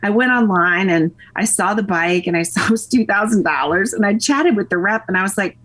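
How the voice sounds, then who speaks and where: A woman's voice: mid-range voice, a little fast, a bit bright. Lady on a podcast, middle-aged, rambling story, does little voices for people she quotes. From Nashville, Tennessee. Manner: chatty storyteller, acts out quoted lines, laughs often. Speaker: interview guest. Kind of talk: casual chat.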